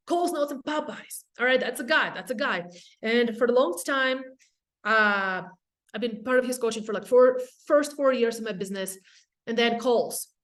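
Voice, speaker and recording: A woman from Russia with a Russian accent, giving a casual, energetic webinar talk on real estate, with quick asides to the audience. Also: on the high side. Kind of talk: casual presentation.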